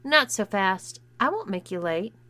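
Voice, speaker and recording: A woman's voice: mid-range voice, sing-song, a little slow, sharp tone. A woman voicing a smug, mocking teenage girl bully in a story reading. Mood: smug teasing. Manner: smug, teasing.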